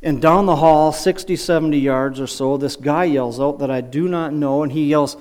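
A man's voice: on the high side, normal speed, a little mellow, clear, resonant tone. A middle-aged man giving a conversational sermon, asking rhetorical questions and often restarting his sentences. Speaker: preacher and high school wrestling coach.

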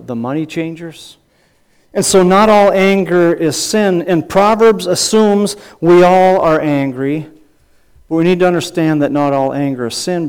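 A man's voice: on the high side, a little mellow, clear, resonant tone. A man preaching a sermon as a pastor and counselor, emphatic, with repeated phrases and rhetorical questions.

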